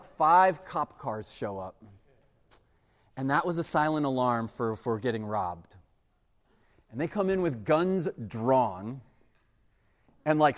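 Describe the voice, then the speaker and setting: Animated preacher in a reverberant hall. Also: male voice, on the high side. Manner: animated storytelling with acted-out quotes. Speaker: pastor. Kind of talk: sermon. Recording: long reverb of a large hall.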